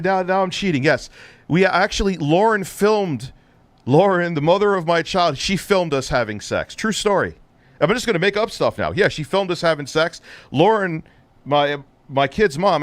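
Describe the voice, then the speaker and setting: Sarcastic ranting man, high-ish voice. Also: animated, normal speed, no room sound. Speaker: live streamer host. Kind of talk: heated live-stream rant.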